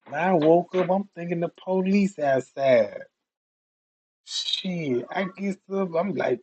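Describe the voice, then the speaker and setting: A man streaming who tells comedic stories in an animated, profane way and laughs often. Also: fairly high pitch, a little slow, muffled recording. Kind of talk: comedic storytelling rant.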